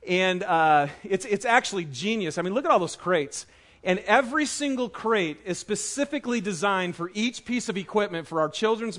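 Male pastor in his thirties, high voice, casual and enthusiastic delivery from the pulpit. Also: a bit bright. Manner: chatty and enthusiastic, many fillers. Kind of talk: casual sermon with family stories. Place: church auditorium.

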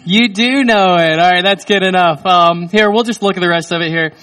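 A man in his thirties preaching in a church hall, telling a personal story in an animated, self-mocking way. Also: sits high, fairly quick. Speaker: pastor. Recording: voice distant from the mic.

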